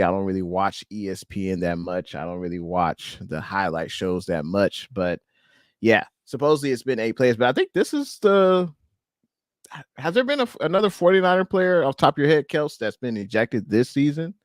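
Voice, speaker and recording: A man's voice: lowish voice, no echo, studio quality. A man hosting a casual sports chat on a live stream, talking loosely with fillers and reading out names from the chat. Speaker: podcast host.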